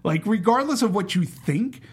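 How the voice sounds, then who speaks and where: A man with a husky, slightly raspy voice talks about a film in a casual panel chat. He is animated and keeps stopping to act out characters' lines, restarting his sentences as he goes. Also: high voice, normal speed. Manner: animated, acts out quoted lines with fillers and restarts.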